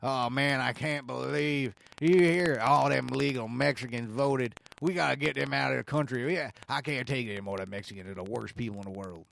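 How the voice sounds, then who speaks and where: A man's voice: medium pitch, a little fast, gravelly, few pauses, a bit bright, slight background noise, voice pushed down. Casting: drawling Southern yokel, bigoted and ranting, put on by a man. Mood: mocking. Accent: put-on American Southern. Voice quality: mocking drawl.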